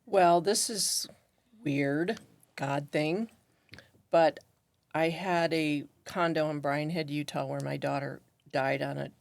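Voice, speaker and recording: A middle-aged woman telling a personal story in conversation, animated and acting out what others said. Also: sits low, takes it slowly, vocal fry, dry recording. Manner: animated, acts out quoted voices. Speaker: guest.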